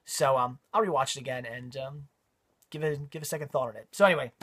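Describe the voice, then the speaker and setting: A man's voice: medium pitch, fast talker, pushed and bright, breathy edge. A man giving a casual spoken movie review, rambling with frequent ums and repeated words.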